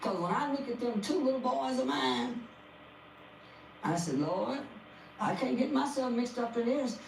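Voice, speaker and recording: A woman's voice: a little high, expressive, measured pace, creaky. An older woman, a guest on a podcast, giving an emotional testimony about her family and repeating phrases like a preacher. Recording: echoey, distant, faint noise.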